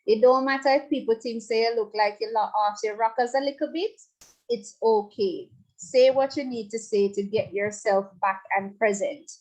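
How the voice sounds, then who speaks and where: A woman's voice: a little high, normal speed, a little mellow, poor audio. A woman psychologist, leading a guided relaxation talk in a chatty way with playful asides. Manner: conversational, laughs and playful asides.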